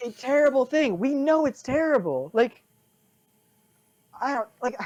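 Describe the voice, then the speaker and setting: Podcast cohost rambling w/ tons of "like"s, laughs a lot, super animated pitch. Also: a little slow. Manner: rambling, heavy on filler words, laughs often. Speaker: podcast co-host. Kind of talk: casual chat.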